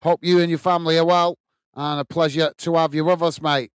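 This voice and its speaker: A man from the UK hosting a live football watch-along, calling the play and warmly greeting viewers by reading their chat messages aloud. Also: fairly high pitch, flat delivery, brisk, a little hiss or hum. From United Kingdom. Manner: friendly, reads viewer comments aloud and greets them.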